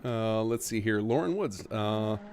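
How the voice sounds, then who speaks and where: Low-voiced male streamer host. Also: expressive, moderate pace, a little mellow, a little hiss or hum. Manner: upbeat, reads donations aloud, laughs often. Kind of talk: casual livestream chat.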